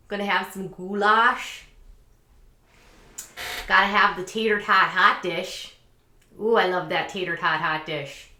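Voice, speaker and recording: A woman's voice: mid-range voice, pushed and bright, roomy sound. A woman putting on an exaggerated folksy drawl as a homespun small-town woman who loves potlucks.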